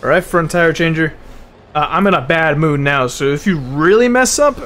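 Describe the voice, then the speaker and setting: A young man giving casual commentary while playing a racing game, full of bro and swearing, sometimes flaring into loud angry rants. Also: fairly high pitch, moderate pace. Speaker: gaming video host.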